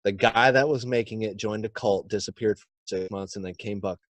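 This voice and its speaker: A man's voice: fairly low pitch, fairly even intonation, brisk, no echo. A young man with a Californian accent, telling a profane, blunt story in casual podcast chat. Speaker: podcast guest.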